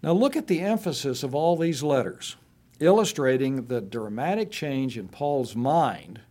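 Slow, deliberate male preacher. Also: darkish tone. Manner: slows and rises in pitch to stress scripture he reads aloud. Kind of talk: sermon.

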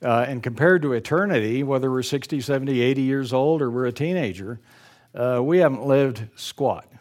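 A man's voice: mid-range voice, normal speed, darkish tone. An older man preaching a sermon, reading a story aloud and breaking off for folksy personal asides, stumbling and correcting himself as he goes. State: choked up with emotion.

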